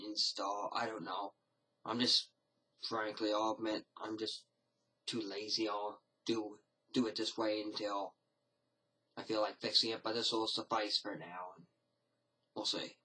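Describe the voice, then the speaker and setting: A man's voice: fairly low pitch, little pitch movement, measured pace, sharp tone, slightly rough, rough recording. A man talking casually to his camera in a rambling, hesitant way, often restarting his sentences. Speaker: vlogger. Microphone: camera mic.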